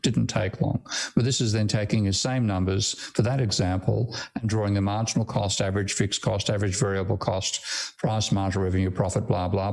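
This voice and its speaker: A man's voice: lowish voice, gravelly, darkish tone. An older man with an Australian accent giving an online academic lecture over a video call, blunt and irreverent, swearing casually. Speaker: guest lecturer.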